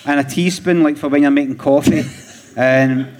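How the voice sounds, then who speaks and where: A man with a highish, steady, slightly mellow voice talks at normal speed. He is a Glaswegian comedian from Scotland appearing as a guest on a live podcast on a theatre stage, rambling through stories with restarts and dry chuckles as audience noise carries through the recording.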